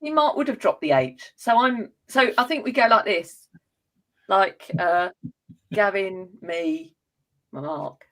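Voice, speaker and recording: A woman's voice: medium pitch, expressive, slow, fairly bright tone, low-quality recording. A woman from Hertfordshire with an Estuary English accent, co-hosting a casual chat and laughing easily. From Hertfordshire, England. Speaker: co-host.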